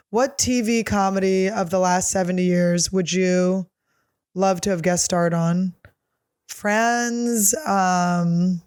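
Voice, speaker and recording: Woman comic rambling through fan questions, crude and self-mocking, lowish voice, dry close mic. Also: darkish tone, dry recording. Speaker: comedian answering listener questions. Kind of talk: casual solo chat.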